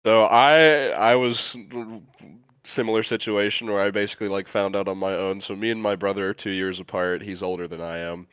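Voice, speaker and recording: A man's voice: on the low side, moderate pace, smooth, no echo. A young man from the US Midwest, co-hosting a podcast in loose, rambling casual chat full of "like" and restarts. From US Midwest, Great Lakes state. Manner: rambling, filler-heavy, relaxed. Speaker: podcast co-host.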